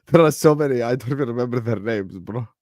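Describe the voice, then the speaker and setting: A young man hosting a football watchalong stream, chatting casually in a rambling, joking way with slang and swearing, sometimes mumbling low in mock sadness and sometimes shouting at the match. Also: fast, dry recording, studio quality. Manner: drops to low mock-sad mumbles, then loud bursts at match action. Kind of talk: casual live-stream chat.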